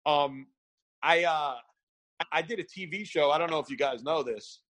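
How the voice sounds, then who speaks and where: A man with a somewhat high voice tells stories in a relaxed chat. He is lively and laughs a lot, and he acts out what other people said. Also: moderate pace. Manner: animated storyteller, laughs often, acts out quotes. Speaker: guest, barber event founder. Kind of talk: casual storytelling chat.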